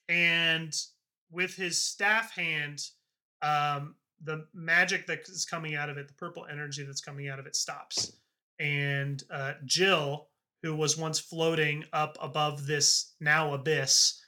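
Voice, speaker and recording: A man narrating as game master of a tabletop game, halting with frequent ums and uhs. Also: fairly high pitch, steady tone, sharp tone.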